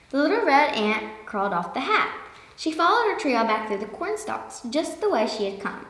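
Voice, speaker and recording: A woman reading a children's picture book aloud in a lively way, slowing down for emphasis. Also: high voice. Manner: lively, with slowed emphatic passages. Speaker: storyteller. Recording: echoey room with long reverb.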